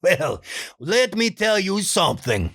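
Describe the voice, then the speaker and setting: Sly emphatic man, put-on Spanish accent, slow and lively delivery, a man voicing him. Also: high voice, creaky, breathy edge, voice pushed up, heavily acted.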